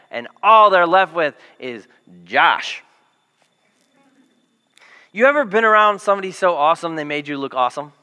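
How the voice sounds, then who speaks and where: A man preaching with a high, bright, ringing voice that carries a long hall reverb. He tells the story casually and with humor, acting out the lines of the people in it and sometimes raising his voice to a yell. This is a church sermon. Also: moderate pace, long pauses, clear, resonant tone. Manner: animated, jokey storytelling with acted quotes and yelled lines. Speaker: pastor.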